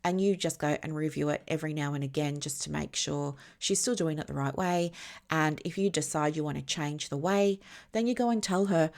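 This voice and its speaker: A woman with a low, deep voice talks through a lesson in relaxed conversational style. She builds long everyday analogies and keeps pausing to ask whether it makes sense. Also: vocal fry. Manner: explains through extended analogies, often checks if listeners follow. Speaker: business mentor. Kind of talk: casual teaching monologue.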